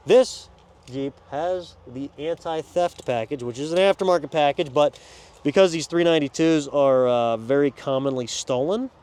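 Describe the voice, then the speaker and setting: A man showing off vehicles on a dealership lot outdoors, talking to viewers in a casual, energetic walkaround. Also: on the high side, measured pace, clean tone. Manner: energetic, chatty, addresses viewers as guys. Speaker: car salesman at a dealership.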